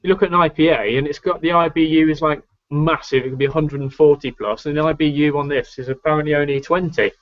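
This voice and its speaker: A man's voice: a little high, steady tone, fast talker, hardly any pauses, lo-fi sound. A man chatting as a guest at a beer tasting, hesitant and often correcting himself. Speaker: guest co-taster. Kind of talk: casual beer tasting chat.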